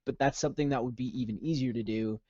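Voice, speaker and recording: A man's voice: mid-range voice, steady tone, fast, darkish tone, breathy edge, no echo, muffled recording. A man chatting casually as a podcast guest, enthusiastic and rambling, with many restarts. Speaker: musician guest.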